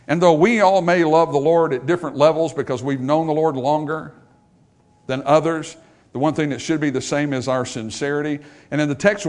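A pastor preaching a sermon in a church, swinging between emphatic high points and hushed, soft passages. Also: male voice. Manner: dynamic preaching, rising to emphatic highs and dropping to hushed lows. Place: church sanctuary.

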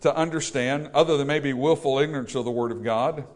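A man's voice: medium pitch, brisk. A man preaching a sermon to a congregation, emphatic and full of rhetorical questions. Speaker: pastor. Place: church service.

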